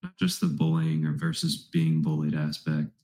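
A man's voice: very deep voice, sing-song, moderate pace, darkish tone, echoey room, poor audio. A man in his twenties in casual podcast chat, thoughtful and easygoing, sounding stuffed-up like he has a cold. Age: 20s. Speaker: podcast co-host.

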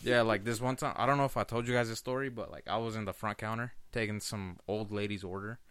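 A man's voice: on the low side, fairly even intonation, quick pace, a bit bright, clean tone, no room sound. Slangy storytelling man, dry sound. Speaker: podcast co-host. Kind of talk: casual chat.

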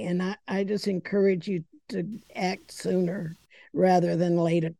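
A woman's voice: lowish voice, flat delivery, measured pace, creaky, mellow, dry recording. A woman co-hosting a podcast about pet grooming, talking frankly and casually. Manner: frank, conversational, laughs. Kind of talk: casual chat.

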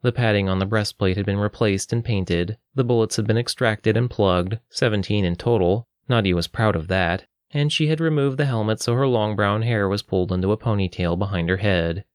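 A man narrating an audiobook in a steady, even storytelling manner. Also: fairly low pitch, a little fast, hardly any pauses, dry recording, clean studio sound.

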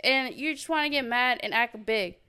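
A woman's voice: fairly high pitch, moderate pace, sharp tone, clear, resonant tone. A young woman in her twenties on a podcast, telling a profane story in casual chat and acting out the quotes. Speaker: podcast co-host.

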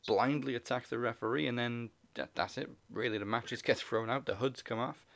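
Man, podcast co-host, gravelly voice, steady recap delivery. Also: medium pitch, brisk, background noise. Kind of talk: casual chat with news recaps.

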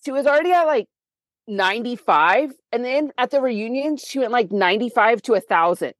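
A young adult woman co-hosting a podcast in casual chat, blunt and animated, swearing often. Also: fairly high pitch, brisk, no echo. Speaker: podcast co-host.

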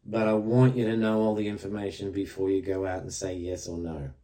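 A man with an Australian accent hosts his podcast in an earnest, plain-spoken way. His voice sits low and sounds warm and mellow. He talks directly to the listener. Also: little pitch movement, brisk. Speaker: podcast host.

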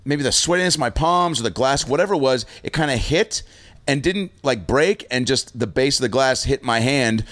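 A man, a stand-up comedian, telling a story in casual chat, swearing freely and loudly acting out the people he quotes. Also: medium pitch, expressive, normal speed.

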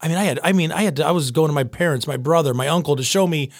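A quick-talking man in his thirties with a voice that sits a little high for a man. He chats loosely and rambles, slipping into other people's voices when he quotes them. The sound is dry and close. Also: no echo. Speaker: chef and pizza shop owner. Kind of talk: casual interview chat.

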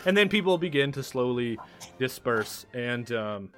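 A man's voice: medium pitch, expressive, measured pace, fairly bright tone, faint music behind. A man running a tabletop game, narrating in a casual, rambling way. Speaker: game master.

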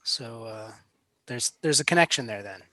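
A man's voice: medium pitch, lively intonation, moderate pace, bright, forceful tone, no room sound. A man playing a tabletop role-playing game, talking in an easygoing, hesitant way. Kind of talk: casual in-character game talk.

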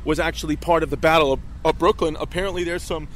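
Brief: middle-aged New guy, brisk and profane, walking-and-talking outdoors, slightly high voice. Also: slight background noise. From Queens, New York. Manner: fast, profane, excitable. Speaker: comedian guest. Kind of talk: casual chat while walking. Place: outdoors on city streets and in a park.

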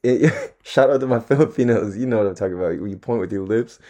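A man's voice: on the low side, fast, warm tone. A young man hosting his own podcast on camera, talking in a loose, rambling way with plenty of slang and swearing and frequent laughter. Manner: laid-back, slangy, swears a lot, laughs often. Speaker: solo podcast host. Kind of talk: casual rambling monologue. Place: at home, on camera.

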